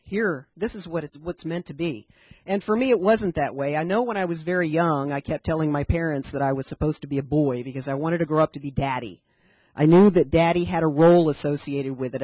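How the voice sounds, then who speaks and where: A man's voice: a little high, darkish tone, no room sound. A man in his fifties giving a candid personal talk at a community forum, wry and conversational. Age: 50s. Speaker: panel speaker.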